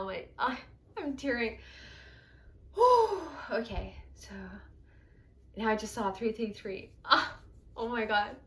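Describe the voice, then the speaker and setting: A woman talks through a tarot reading in a loose, chatty way. She is effusive and easily excited, and her voice sits at an ordinary middle pitch. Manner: chatty, full of "you know" and "right?". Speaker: tarot reader.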